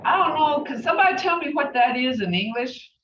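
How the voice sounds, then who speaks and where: A middle-aged woman teaching a language class, repeating words slowly and spelling out their sounds. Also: sits high, animated, fairly bright tone. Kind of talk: slow, patient classroom teaching. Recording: far, roomy, dull, faintly noisy classroom recording.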